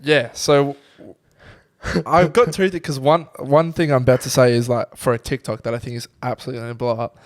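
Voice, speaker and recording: A man's voice: medium pitch, steady tone, fairly quick. A young Australian man co-hosting a podcast, recounting events with laid-back, sweary banter in casual chat. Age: young adult. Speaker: podcast co-host.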